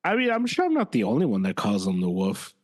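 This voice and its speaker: A man co-hosting a podcast in casual chat, animated and given to sudden jumps in pitch when exasperated. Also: quick pace. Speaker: podcast co-host.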